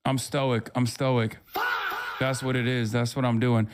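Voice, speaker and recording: A man's voice: mid-range voice, level tone, a little slow, background noise. A man live-streaming, talking back to his chat in a sarcastic, profane, rambling way. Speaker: livestreamer.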